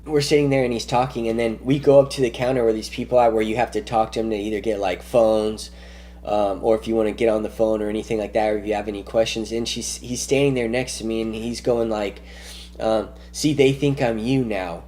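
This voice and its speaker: A man's voice: lowish voice, little pitch movement, fast, mellow. Man rambling through his own story. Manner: repetitive, circles back with restarts and "he goes"; earnest, insistent. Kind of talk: rambling first-person account.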